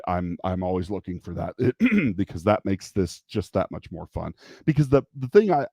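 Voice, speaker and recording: A man's voice: lowish voice, warm tone, dry recording, clean studio sound. A man with kids hosting a casual livestream, rambling, restarting sentences and laughing often. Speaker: livestream host.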